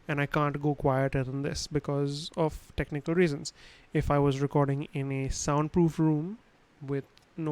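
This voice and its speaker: A man's voice: fairly high pitch, smooth, no room sound, poor audio. A man teaching a livestream lesson on sound, explaining casually with many fillers and restarts, recorded at home on a studio microphone. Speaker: instructor. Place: his home room.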